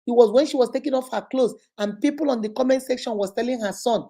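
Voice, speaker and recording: A Nigerian influencer host chats straight to camera in a casual vlog, talking fast with hardly a pause in her fairly high, mellow voice. Her storytelling is animated, with impressions of other people and plenty of excited exclamations.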